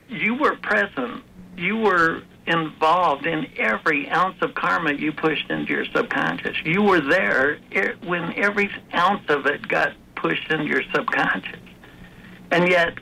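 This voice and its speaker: A man with a fairly high, bright and gravelly voice talks earnestly as an interview guest, stopping and restarting as he tells his story. His tone is forceful and tense. A faint hiss sits under the recording. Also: poor audio. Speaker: author and guest. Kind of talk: conversational interview.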